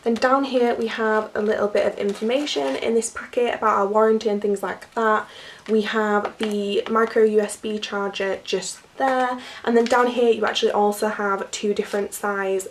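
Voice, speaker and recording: A young woman talks casually through an unboxing, her voice croaky from a cold with a gravelly edge. She chats in a loose, filler-heavy way. She sits a little back from the microphone. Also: medium pitch, steady tone, normal speed, far from the mic, a little hiss or hum. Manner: chatty, filler-heavy, laughs often. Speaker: vlogger.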